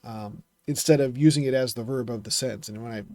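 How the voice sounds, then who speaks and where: A man talking through writing advice in a casual vlog, thinking aloud with fillers and quick self-corrections. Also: mid-range voice, mellow, dry recording. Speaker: self-publishing vlogger critiquing writing.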